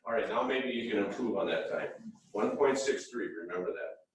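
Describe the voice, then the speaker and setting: Low-voiced man in an echoey hall. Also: brisk, recorded from a distance. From Wisconsin-Minnesota border. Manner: folksy, joking with the audience. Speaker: safety presenter. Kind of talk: workshop presentation. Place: large room with an audience.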